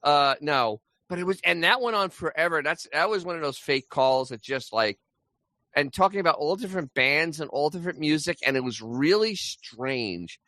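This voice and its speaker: A man's voice: fairly high pitch, lively intonation, moderate pace, bright, forceful tone, dry recording. A man co-hosting a casual chat show, sardonic and prone to stammering restarts. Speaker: co-host.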